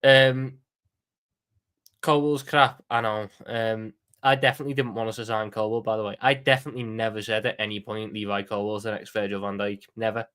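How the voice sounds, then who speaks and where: A man's voice: fairly low pitch, level tone, a little fast, fairly bright tone, clear, resonant tone. A man from Liverpool with a Scouse accent, chatting casually and animatedly as host of a live watchalong stream, often swearing and repeating words. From Liverpool, England.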